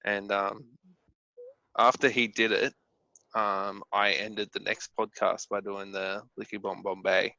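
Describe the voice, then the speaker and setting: Male podcast co-host, gravelly and bright, dry sound, halting storyteller. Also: on the low side, little pitch movement, no echo, muffled recording. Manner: hesitant storyteller, many ums. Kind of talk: casual chat.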